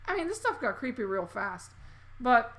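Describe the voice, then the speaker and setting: A woman's voice: a little high, very animated, normal speed, fairly bright tone. A woman in her thirties hosting a casual chat, telling a story animatedly with lots of fillers and acted-out quotes. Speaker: host.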